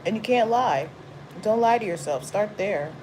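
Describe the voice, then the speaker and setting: A woman hosting a tarot stream, talking casually and bluntly to her viewers with lots of swearing and quick asides. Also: mid-range voice, low-quality recording. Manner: blunt, profane, chatty, laughs and exclaims often. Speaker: tarot reader livestream host. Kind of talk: casual spiritual talk to viewers. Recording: steady background noise.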